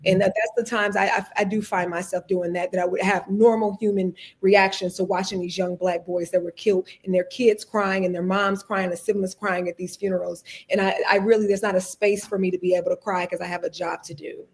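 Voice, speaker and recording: Young woman attorney, candid guest, emphatic and heartfelt, mid-pitched. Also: level tone, fairly quick, few pauses, husky. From United States. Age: young adult. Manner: emphatic, heartfelt, punchy repeated phrases. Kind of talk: candid conversational interview.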